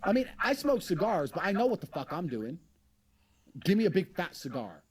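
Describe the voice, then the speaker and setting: A man's voice: high voice, big pitch swings, moderate pace, noisy background. A man bragging in a brash, provocative way, swearing freely and taunting his listeners. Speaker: interviewee in played clips. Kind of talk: boastful monologue.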